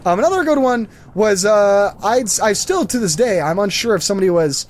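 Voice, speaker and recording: A man's voice: sits high, animated, fairly quick. A man hosting a gaming channel, rambling through a story with lots of fillers while he plays. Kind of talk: casual commentary over gameplay.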